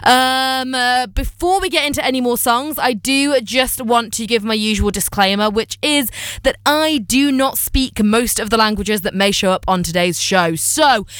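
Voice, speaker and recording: A woman radio host talking to her listeners in a chatty, upbeat way, teasing herself as she goes. Her voice is smooth and clear, close on a studio mic with a dry, dead sound. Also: a little high, normal speed, fairly bright tone, no room sound. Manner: chatty, upbeat, self-deprecating. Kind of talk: casual radio show hosting.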